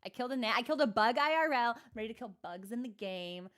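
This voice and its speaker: A woman's voice: fairly high pitch, expressive, quick pace, a bit bright. A woman streaming a game, chatting casually in a rambling, sarcastic and self-mocking way with many fillers. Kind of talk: casual chat while gaming.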